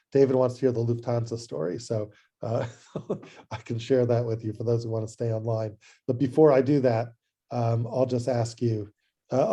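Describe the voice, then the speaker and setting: A man, a rabbi, giving an adult education lecture over a video call and telling a story in a chatty, animated way with frequent restarts. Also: mid-range voice.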